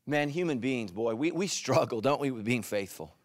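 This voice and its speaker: A male pastor preaching with a lively voice that swings high and low. He talks straight to the people in front of him, and the sound is dry and close. His pitch sits in a middle range for a man. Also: moderate pace, no room sound. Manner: animated, addresses listeners directly. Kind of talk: sermon.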